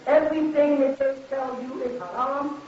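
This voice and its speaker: High-voiced man preaching mockingly in echoey hall. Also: steady tone, normal speed, a little hiss or hum. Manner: emphatic, mocking, full of rhetorical questions. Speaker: religious lecturer. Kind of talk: preaching lecture to a live audience. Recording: very echoey, distant, lo-fi hall recording.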